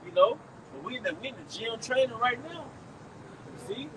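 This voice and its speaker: Loud slangy street preacher outdoors. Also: male voice, very high-pitched, lively intonation, fairly quick. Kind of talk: outdoor camp teaching. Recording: distant mic, traffic noise outdoors.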